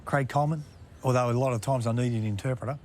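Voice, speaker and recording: A man, a former referee telling stories in a relaxed interview and chuckling at his own anecdotes. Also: medium pitch, fast, a little hiss or hum. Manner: laid-back yarn-spinner, acts out quotes, chuckles. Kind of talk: casual storytelling interview.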